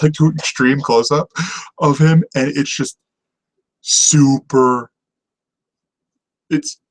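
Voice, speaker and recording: A man hosting a TV review show, chatting casually to camera. He rambles enthusiastically, circling back on his own thoughts and laughing often. His pitch sits in a plain, everyday male middle range. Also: poor audio.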